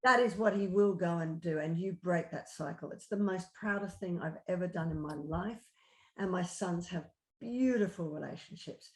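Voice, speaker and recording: A woman's voice: fairly low pitch, normal speed. A middle-aged woman, a life coach, talking earnestly and encouragingly to a client. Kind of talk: coaching conversation. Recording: echoey room.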